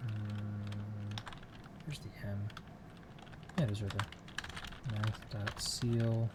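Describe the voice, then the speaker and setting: A man's voice: fairly low pitch, completely flat delivery, very slow, heavy background noise. A man on a casual live stream, muttering code aloud to himself while he works and chatting with viewers from a home computer room.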